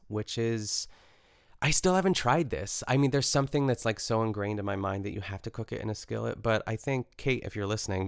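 A young man hosts a casual podcast, recapping a cooking show in a chatty, rambling way with plenty of fillers and self-corrections. His voice sits fairly low and has a noticeable gravelly fry. The sound is dry, with no room echo. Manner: chatty, amused asides. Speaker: podcast host.

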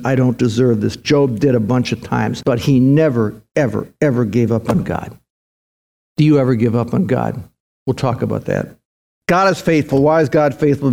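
A man's voice: medium pitch, vocal fry, a little mellow. A man preaching a sermon as pastor, fervent and emphatic, often repeating words and restarting lines as he drives a point home.

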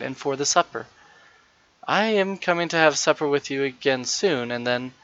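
An eager, wondering little girl, as a man reading aloud puts her on, her voice lifted higher and bright with feeling. The sound is dry and a bit dull, like a lo-fi home recording. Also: dry recording, natural voice.

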